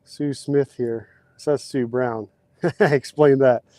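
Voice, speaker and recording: A man's voice: mid-range voice, steady tone, slow, warm tone, no echo. A man, hosting a casual outdoor livestream and chatting with viewers while he works. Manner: chatty, reads out viewer comments. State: out of breath at times. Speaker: livestream host. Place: outdoors, digging post holes.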